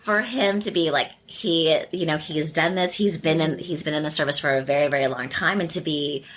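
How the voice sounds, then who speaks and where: A woman on a podcast who is married to a firefighter. She talks in a casual, animated way, acts out the people she quotes, and uses lots of "like.". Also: low-pitched, fairly quick, slight background noise. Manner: animated, acts out quoted voices, many fillers. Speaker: firefighter's wife, podcast guest.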